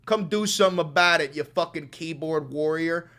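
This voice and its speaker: A young man with a slightly high, pushed, bright voice hosts a live stream at a moderate pace. As the channel's streamer, he delivers a political rant at his chat that is profane, taunting, and combative.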